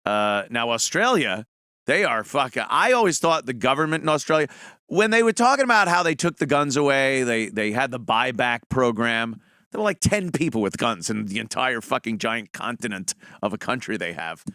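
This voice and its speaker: A man's voice: medium pitch, animated, moderate pace, pushed and bright, no room sound, studio quality. A middle-aged man hosting a show, giving a blunt, profane, mocking opinion monologue in casual talk. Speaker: podcast host.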